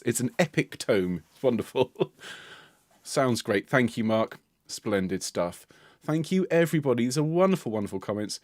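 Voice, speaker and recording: British man, choir leader, jovial livestream chat, low-pitched voice, dry close sound. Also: dry recording. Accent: British English. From United Kingdom. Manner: jovial, playful, laughs often. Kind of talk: chatty livestream banter.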